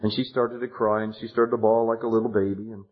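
A man preaching a sermon, retelling a counseling story, animated and swinging from hushed words to loud exclamations. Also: fairly low pitch, quick pace. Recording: dull lo-fi sermon tape.

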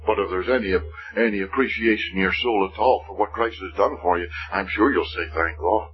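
A man preaching a gospel sermon, earnest and pleading, with a husky voice that rises and falls. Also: on the low side, brisk, dull audio, soft background music. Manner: earnest, rising and falling pleading delivery.

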